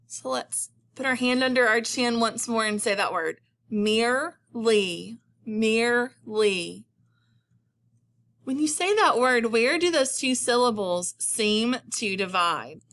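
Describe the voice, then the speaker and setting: A woman teacher giving a patient phonics lesson, stretching words out slowly for her students. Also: fairly high pitch, sharp tone.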